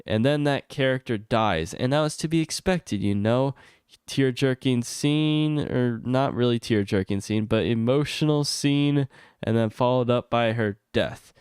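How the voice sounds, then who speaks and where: A man streaming an unscripted rant about a video game, exasperated and swearing often, his voice climbing high whenever he gets heated. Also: a little slow, darkish tone, clean tone, no echo, clean studio sound. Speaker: gaming streamer. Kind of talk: unscripted ranting stream commentary.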